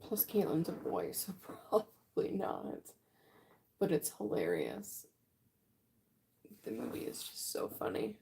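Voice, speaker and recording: A woman in her late twenties chatting casually with viewers while she paints on a livestream. She is relaxed and talks at an easy pace, yawning often as she answers the chat. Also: low voice, takes it slowly, creaky, pauses often, slight background noise. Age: late 20s. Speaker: livestream artist. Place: art room at home.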